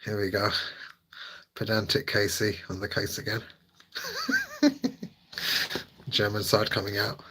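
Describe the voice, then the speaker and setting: A man's voice: on the low side, level tone, a little slow, pauses often, sharp tone, husky, poor audio. A man chatting casually with his live-stream viewers, laughing often and teasing them.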